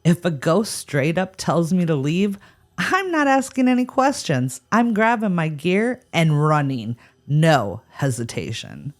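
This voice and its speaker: Sarcastic woman with an animated voice. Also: sits low, unhurried. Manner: wry, sarcastic skeptic. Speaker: podcast co-host. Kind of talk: scripted paranormal podcast chat.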